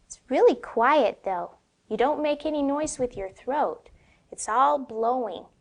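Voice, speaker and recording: A woman teaches phonics to young children in a slow, drawn-out way. Her voice sits a little high. She keeps checking in with her listeners through questions.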